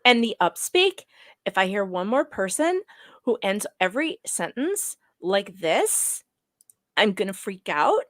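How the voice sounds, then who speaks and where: A woman's voice: mid-range voice, sing-song, unhurried, fairly bright tone, no echo, studio quality. A woman co-hosting a live stream in casual chat, blunt and scornful.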